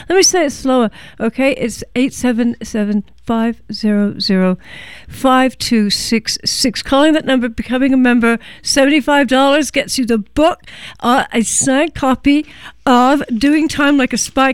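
Halting woman radio host, smooth voice. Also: high voice, no echo. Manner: halting, many fillers and pauses. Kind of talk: live radio interview and pledge pitch.

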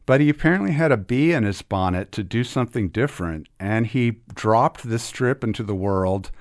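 A man's voice: mid-range voice, expressive, normal speed. A middle-aged man talking enthusiastically about restoring old comics, with many restarts. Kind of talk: casual interview talk.

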